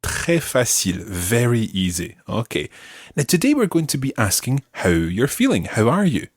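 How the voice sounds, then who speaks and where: A man hosting an audio language lesson, explaining patiently and modeling words slowly for listeners to repeat. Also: mid-range voice, sing-song, breathy edge, no room sound. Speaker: language teacher and host.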